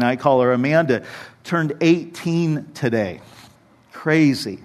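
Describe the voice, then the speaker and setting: A man's voice: a little high, lively intonation, slow. A man in his forties preaching a conversational sermon as a pastor, acting out his own past prayers in a church. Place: church sanctuary. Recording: reverberant hall.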